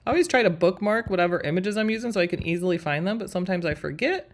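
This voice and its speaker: Chatty woman host, fairly low voice. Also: rapid-fire. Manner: chatty, talks to viewers as friends while working. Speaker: host of a live craft design stream. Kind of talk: live screen-share tutorial with viewer chat.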